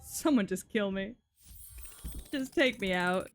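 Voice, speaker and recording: A young woman chats through a live card-game stream, sounding worn out and exasperated, swearing freely as she grumbles at her bad luck. Her voice sits at an ordinary middle pitch, and faint music plays behind her. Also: lively intonation, slow pace. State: tired. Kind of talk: casual live-stream chatter while playing.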